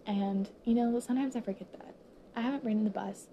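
This young high school student, in her late teens, talks to her viewers choked up and teary; her emotional monologue halts, pauses often, and keeps dropping to whispers. She holds a steady tone against a noisy background.

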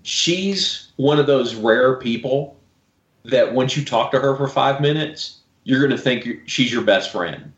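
A man's voice: medium pitch, a little slow, highs cut off. A man with a Southern US accent, a comic creator talking casually as a podcast guest in a rambling, self-deprecating way. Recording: roomy echo.

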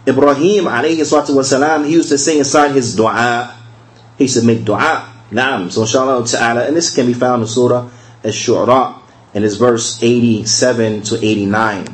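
A religious teacher with a mid-range voice delivers a recorded lesson conversationally, repeating key phrases, asking rhetorical questions and slowing down to spell out verses. The recording quality is low.

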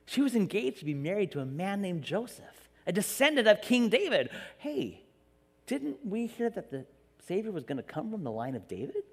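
A man's voice: high voice, normal speed, slightly rough, big-room sound. A man preaching a sermon in a church, telling the story with jokes and acting out the quotes. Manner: animated, jokey storytelling with acted-out quotes. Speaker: pastor.

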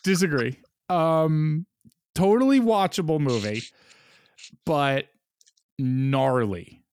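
A man co-hosting a casual podcast who talks in a low-key, wry way with many fillers. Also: lively intonation, takes it slowly, darkish tone, clean tone, dry recording, clean studio sound. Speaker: podcast co-host. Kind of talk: casual chat.

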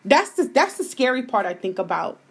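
A woman with a slightly husky, higher voice hosts a live podcast. She talks in a casual, heated and blunt way and swears freely. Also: sing-song, fairly quick. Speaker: podcast host.

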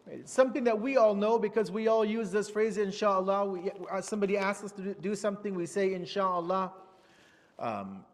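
A man's voice: high-pitched, in a large hall. A man giving a religious lecture as an Islamic teacher, explaining patiently step by step and repeating key terms.

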